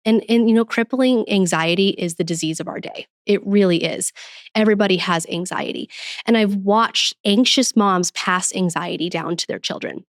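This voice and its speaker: A woman guest on a podcast, talking earnestly about faith and parenting and getting animated when she quotes herself. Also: medium pitch, dry recording, studio quality. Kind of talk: casual podcast conversation.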